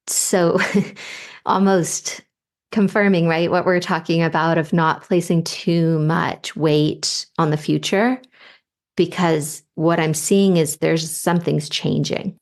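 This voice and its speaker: Woman host, low gravelly voice, slow, soft-spoken intuitive reader. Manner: soft, unhurried, with light laughs. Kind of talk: slow, spiritual guidance reading.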